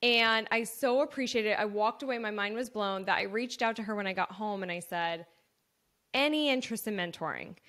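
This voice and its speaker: A woman's voice: medium pitch, steady tone, brisk, hardly any pauses, fairly bright tone. A woman in her thirties hosting her own podcast, talking casually and earnestly about her business, with lots of "like" and "so". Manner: chatty and earnest, full of "like" and "so". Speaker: podcast host and business owner. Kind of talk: casual solo podcast talk.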